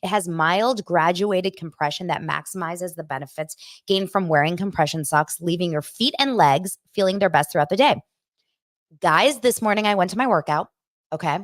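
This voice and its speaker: A woman's voice: lowish voice, moderate pace, no echo. Chatty woman host, dry close mic. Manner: animated storytelling, acting out quotes with filler "like". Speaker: pop culture show host. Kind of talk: casual chat recapping celebrity news.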